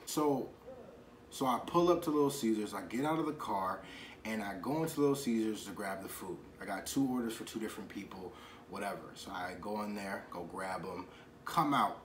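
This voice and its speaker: A man tells a wild story from his delivery shift straight to camera, loose and slangy, throwing in "you know what I'm saying" again and again. His voice sits at an ordinary pitch and rings in an echoey room. A faint hiss lies under it. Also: normal speed. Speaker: vlogger, delivery driver.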